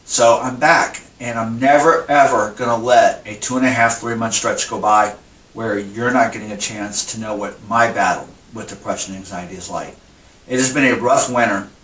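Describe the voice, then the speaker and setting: A man's voice: lowish voice, fairly even intonation, moderate pace, a bit bright. A man hosting a casual cooking vlog, talking candidly and in a rambling way about his recipe and his struggles. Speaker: cooking vlogger. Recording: roomy sound from a distant mic.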